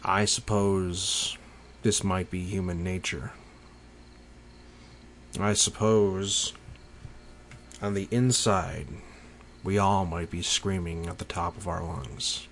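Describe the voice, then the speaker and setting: Male, very low voice, unhurried reflective monologue, faint crickets behind. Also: vocal fry, fairly bright tone, a little hiss or hum. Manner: slow, pensive, with long pauses.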